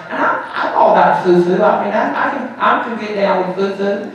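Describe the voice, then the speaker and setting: A man giving a joking, animated sales talk to a conference audience. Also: sits high. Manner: animated, joking, quick asides and crowd banter. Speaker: conference speaker. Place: large conference hall. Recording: echoey hall, speaker far from mic.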